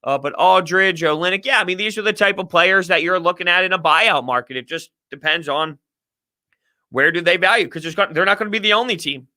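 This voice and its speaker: Bright, animated man ranting sports talk. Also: high-pitched, a little fast. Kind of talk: live-stream sports talk.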